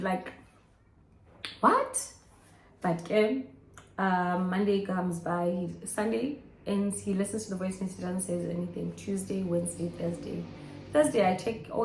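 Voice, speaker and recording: A young woman telling a storytime vlog, animated and exasperated as she recounts events. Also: mid-range voice. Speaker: vlogger. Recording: echoey room.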